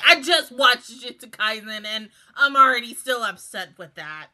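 A woman's voice: mid-range voice, lively intonation, normal speed, hardly any pauses, bright, forceful tone, poor audio. A woman reacting to an anime episode, pleading and laughing a lot as she talks to herself. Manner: emotional, pleading, laughs often. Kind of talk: casual reaction commentary.

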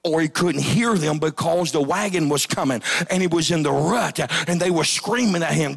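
Male pastor, gravelly husky voice, fiery revival preaching, casting for a church pulpit. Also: moderate pace, hardly any pauses. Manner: shouting preacher, rising to high-pitched cries. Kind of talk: revival sermon. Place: church sanctuary.

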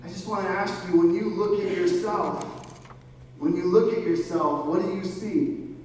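A man's voice: high-pitched, steady tone, normal speed, a little mellow. A man preaching a sermon as pastor, earnest, asking the congregation questions and often restarting his words. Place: church hall. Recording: echoey hall, voice from far off, faint noise.

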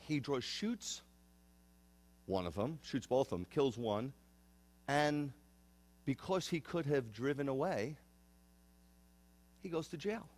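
A man's voice: medium pitch, darkish tone. Earnest rabbi in his fifties. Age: 50s. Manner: earnest, repeats and restarts phrases. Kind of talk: conversational sermon.

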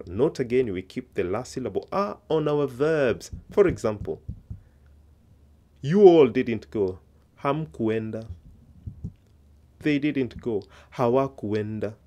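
A man's voice: lowish voice, expressive, unhurried, warm tone. A man teaching a recorded language lesson, patiently repeating each example and quizzing the viewer.

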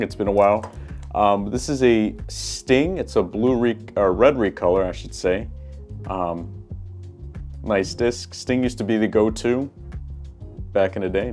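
A man casually talking through a toy unboxing at a small table, relaxed and chatty with frequent ums and uhs. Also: on the low side, a little slow, soft background music. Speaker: toy collector reviewer.

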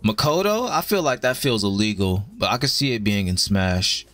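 A young man streaming and chatting with his viewers in a blunt, profane way, giving quick verdicts with plenty of casual swearing. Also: on the low side, animated, fairly bright tone, dry recording, soft background music. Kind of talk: casual live-stream commentary.

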